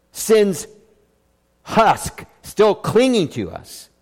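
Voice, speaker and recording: A man's voice: medium pitch, long reverb tail. A man preaching a sermon as a pastor, emphatic, with many rhetorical questions.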